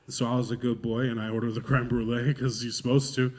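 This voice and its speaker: A man's voice: medium pitch, little pitch movement, fast, darkish tone. A male stand-up comedian telling stories in a loose, profane, self-mocking way, laughing through his lines.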